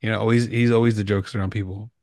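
A man's voice: fairly low pitch, little pitch movement, very fast, darkish tone, no echo, clean studio sound. A man in casual podcast chat, laid-back and saying "bro" and "dude" a lot.

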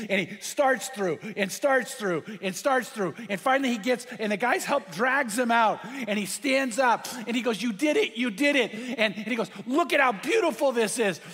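A man delivers a sermon in a fairly high voice and tells a tense story in vivid detail. He repeats phrases to build suspense. His voice rings out with the long reverb of a big hall. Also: a bit bright, slightly rough. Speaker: pastor.

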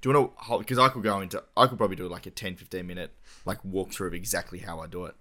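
Deep-voiced man, relaxed chat. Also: very fast. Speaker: podcast co-host. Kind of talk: casual chat.

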